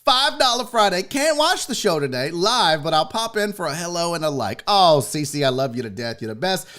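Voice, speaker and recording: A middle-aged man hosting a casual live stream, loud and profane, excitably reading viewer messages aloud. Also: on the high side, normal speed. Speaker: show host.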